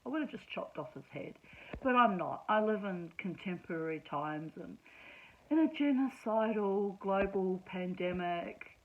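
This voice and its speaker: A woman's voice: mid-range voice, expressive, measured pace, narrow, tinny audio. A woman telling a personal story in a casual monologue, chatty and sarcastic, laughing often. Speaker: vlogger.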